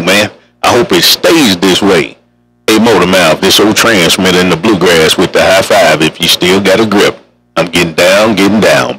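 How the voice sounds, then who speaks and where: A man's voice: low-pitched, fairly bright tone, low-quality recording. A man chatting casually over a CB radio in a folksy, drawling way. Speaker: CB radio operator.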